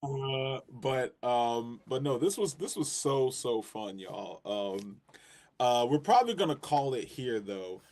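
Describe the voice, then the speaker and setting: A man hosting a stream who talks in a loose, casual way with plenty of fillers. His pitch moves around a lot as he thanks his viewers. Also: a little slow. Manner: relaxed, full of fillers and restarts. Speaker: streamer host. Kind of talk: casual livestream chat.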